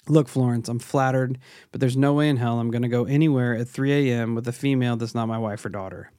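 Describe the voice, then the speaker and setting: A man's voice: mid-range voice, fairly even intonation, quick pace, mellow, no echo, studio quality. A male podcast host chatting casually and reading a listener's story aloud in a laid-back, profane way.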